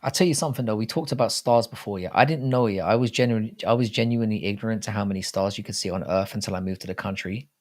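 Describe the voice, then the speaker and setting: A man's voice: fairly low pitch, rapid-fire, hardly any pauses. A young English man with an English accent, hosting a live chat stream, rambling casually, swearing often and reading viewer comments aloud. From England. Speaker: livestream host.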